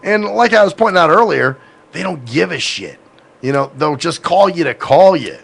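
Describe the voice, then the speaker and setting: Male podcast host, gravelly, rambling and profane, casual tone. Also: fairly high pitch, very animated, normal speed. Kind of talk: casual chat.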